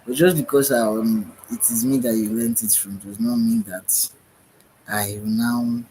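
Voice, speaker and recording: Slow, rambling tired man. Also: medium pitch, fairly even intonation, warm tone, slight background noise, rough recording. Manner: meandering, searching for words, frequent "right?". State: tired, yawning. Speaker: livestream host. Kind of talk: rambling spiritual monologue.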